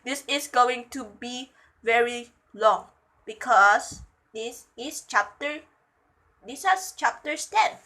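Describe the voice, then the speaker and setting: Young woman reading fanfic out loud, high bright voice, gushes and giggles between bits. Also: slow pace, rough recording. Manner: gushing, giggly asides between passages. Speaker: fan fiction reader. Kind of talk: reading a story aloud with reactions.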